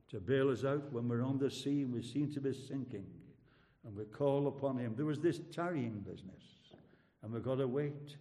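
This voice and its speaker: An older man from England preaching a fervent sermon, with rising emphasis and dramatic pauses. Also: mid-range voice, warm tone, in a large hall.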